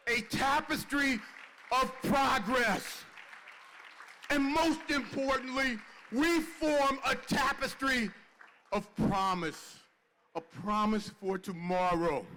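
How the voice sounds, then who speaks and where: A man in his sixties gives a stirring reunion speech with a preacher's cadence, building lines through repetition. His voice sits high and bright. He takes his time over every phrase. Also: animated, a faint crowd, slight background noise. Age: 60s. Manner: preacherly, slow, rhetorical repetition. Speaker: award recipient giving remarks. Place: large party tent.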